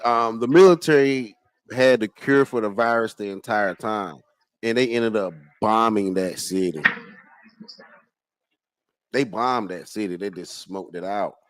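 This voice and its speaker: A man hosting a casual livestream chat, excitable and profane, jumping between loud outbursts and low muttering, and stumbling when he reads aloud. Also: a little slow, slight background noise, low-quality recording. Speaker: livestream host.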